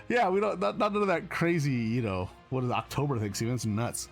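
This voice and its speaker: On his live stream, an American man with a somewhat high, slightly bright voice talks at normal speed over faint background music. His casual chat rambles, with frequent self-corrections and chuckles.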